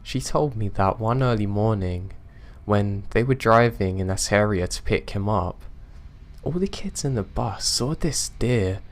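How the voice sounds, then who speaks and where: A man narrating reader-submitted horror stories in a calm, even storytelling delivery. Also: on the low side, unhurried.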